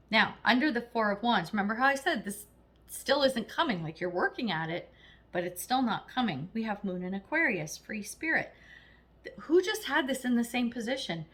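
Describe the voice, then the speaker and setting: A woman's voice: a little high, fairly bright tone. A woman giving a casual, chatty tarot reading, blunt and encouraging, acting out little quoted voices as she goes. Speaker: tarot reader.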